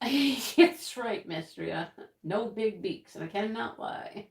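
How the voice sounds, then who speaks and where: A woman chats her way through a casual livestream, reading viewers' comments aloud and rambling from one thought to the next. She speaks at an unhurried, drawn-out pace, and the room around her rings with echo. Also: medium pitch, lively intonation. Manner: chatty, rambling, reads chat aloud, laughs often. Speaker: livestream host.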